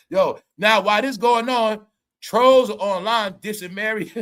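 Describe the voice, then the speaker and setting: A man's voice: high voice, slow, a bit bright. A man giving casual, comedic commentary as a vlogger, rambling, swearing, laughing and stammering as he talks.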